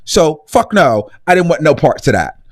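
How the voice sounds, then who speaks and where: A young man hosts a live stream, ranting bluntly and swearing freely. His voice sits a little high and swings widely in pitch. He talks in quick bursts. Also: big pitch swings. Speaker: host.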